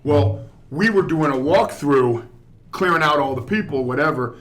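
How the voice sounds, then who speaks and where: A man, a guest actor, telling a story in a relaxed, rambling way on a podcast. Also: a little high, normal speed. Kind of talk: casual storytelling chat.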